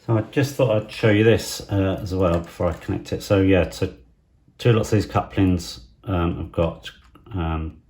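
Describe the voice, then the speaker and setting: Low gravelly middle-aged man thinking aloud. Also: steady tone. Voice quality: soft, half-whispered at times. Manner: thinking aloud, halting with fillers. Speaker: model railway vlogger. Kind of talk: casual hobby unboxing commentary.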